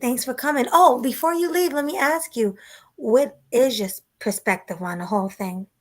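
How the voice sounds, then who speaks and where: Woman hosting a stream, kinda high voice, laid-back and chatty. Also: normal speed. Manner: relaxed, chatty, thanks viewers. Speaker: host. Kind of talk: casual live-stream chat.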